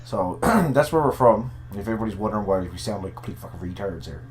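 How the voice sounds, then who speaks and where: A man's voice: on the low side, quick pace, slight background noise. A man with a Newfoundland accent co-hosting a podcast at home, joking and swearing as he rambles through stories. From Newfoundland, Canada. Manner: joking, profane, rambling storyteller. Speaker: podcast co-host. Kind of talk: casual chat.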